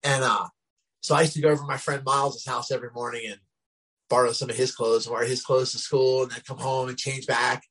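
Husky New man, middle-aged guest, rambling storyteller, medium pitch. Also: flat delivery, brisk, a bit bright, rough recording. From New Jersey, US. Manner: rambling, frequent "you know what I mean" fillers. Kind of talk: casual storytelling.

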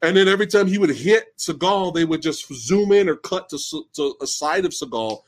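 A man hosting a live-stream movie discussion who rants in an excitable, incredulous, profane way. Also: fairly high pitch, normal speed. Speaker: host.

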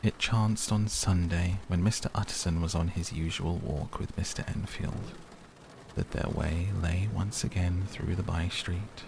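A man narrating a classic novel as a calm, measured bedtime audiobook. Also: low-pitched, creaky, noisy background. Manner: measured, soothing. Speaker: audiobook reader. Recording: steady rain sounds behind.

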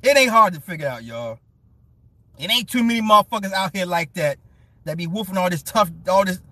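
High-pitched and expressive, this man talks a little fast with a bright, forceful tone, and the recording has no room sound. As a live-stream commentator, he mocks someone to his chat in a teasing, profane rant full of petty storytelling and laughs.

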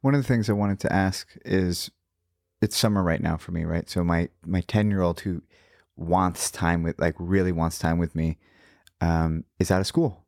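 A man's voice: low voice, steady tone, normal speed, gravelly, darkish tone, dry recording, studio quality. A middle-aged man hosting a podcast, chatty and jokey, asking rambling questions in casual interview. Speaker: podcast host.

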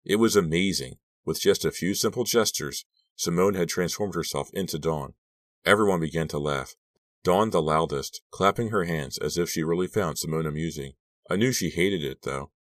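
A man narrating an audiobook in a steady, even reading. His voice is deep and low. The recording is dry and close, with no room sound. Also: normal speed, dry recording. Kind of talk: scripted narration.

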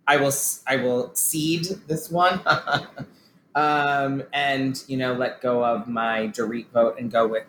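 A man co-hosting a podcast in casual chat, animated and swearing freely. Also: medium pitch, slow. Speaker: podcast co-host. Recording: roomy with faint noise.

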